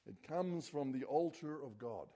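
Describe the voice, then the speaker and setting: Mellow-voiced preacher. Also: male voice, expressive, unhurried. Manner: earnest preaching, drops low and quiet on key words. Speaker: pastor. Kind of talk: sermon.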